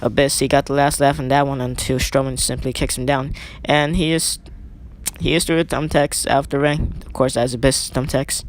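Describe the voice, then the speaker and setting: A man's voice: mid-range voice, little pitch movement, moderate pace. A young man doing casual play-by-play commentary over a wrestling video game, rambling and correcting himself with chatty asides.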